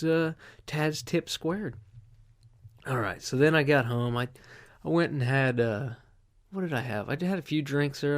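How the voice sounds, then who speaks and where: A man hosting a solo podcast, telling rambling, profane stories with lots of fillers. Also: mid-range voice. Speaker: podcast host. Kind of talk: casual solo podcast monologue.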